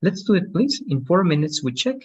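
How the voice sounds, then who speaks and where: A man's voice: high-pitched, very animated, a little fast, breathy edge. A man teaching an online English lesson. He is patient, repeats each rule and keeps checking with "right?".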